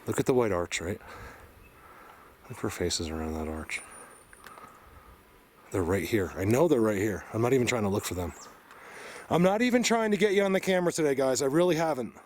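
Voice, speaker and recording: Man, mid-pitch, winded outdoor vlogger, insistent and excited, faint outdoor noise. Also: fairly quick, pauses often. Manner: excited, insistent, pointing things out. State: out of breath. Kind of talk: outdoor field vlog. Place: hillside forest outdoors.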